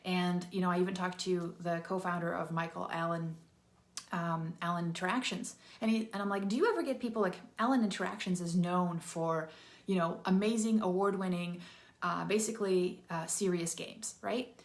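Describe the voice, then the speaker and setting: A woman hosting her own channel, giving casual advice straight to camera in a chatty, animated way and acting out the voices of people she quotes. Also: on the low side, normal speed, roomy sound. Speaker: channel host.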